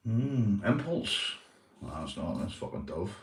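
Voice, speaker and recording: A Northern Irish man hosts a casual livestream chat, rambling, swearing and calling everyone mate. His voice sits on the low side, sing-song and a little slow. The room is echoey and the mic is at a distance.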